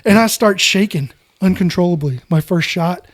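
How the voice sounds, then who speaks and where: Animated American man telling a story. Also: high voice, crowd noise. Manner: animated, fast storyteller who keeps saying "dude". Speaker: podcast guest. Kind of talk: casual storytelling.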